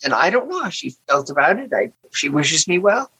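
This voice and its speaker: An older actress with a bright, husky edge to her voice spins an anecdote for an interviewer. She tells it bluntly and vividly. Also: low voice, big pitch swings, fairly quick, poor audio. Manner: vivid, blunt anecdote-telling with bursts of laughter. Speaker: actress guest. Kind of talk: animated storytelling.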